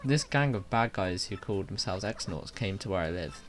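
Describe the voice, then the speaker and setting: A man's voice: low-pitched, lively intonation, moderate pace. A man voicing a small, frightened young male puni creature who talks in a jumpy, pleading way in a video game.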